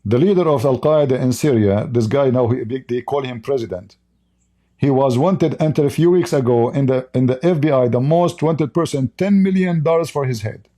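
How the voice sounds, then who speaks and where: Heated man with a mellow voice. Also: medium pitch, normal speed. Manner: heated, blunt, mocking, with broken non-native English. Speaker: live-stream host. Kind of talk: ranting live-stream commentary, reading viewer chat.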